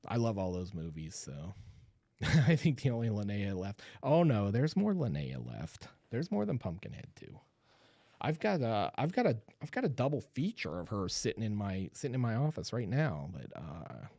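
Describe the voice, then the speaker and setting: A man's voice: lowish voice, a little mellow, no room sound, studio quality. A man hosting a live horror chat show, talking loosely with viewers, laughing often and restarting his sentences. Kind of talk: casual livestream chat.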